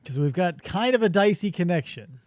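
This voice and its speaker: A man's voice: high-pitched, animated, a little fast, darkish tone. A man hosting a live show in casual, joking chat, laughing often. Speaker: podcast host.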